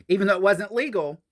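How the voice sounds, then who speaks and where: A man telling a story from his own past in a casual, profane monologue, calling his viewers honey and y'all. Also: fairly bright tone. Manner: jumps high in pitch for emphasis.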